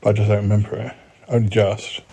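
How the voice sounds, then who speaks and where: A man's voice: fairly low pitch, level tone, quick pace, gravelly, mellow, slight background noise. A man hosting a podcast, chatting casually with a hesitant, stop-start manner. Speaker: podcast host. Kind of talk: casual chat.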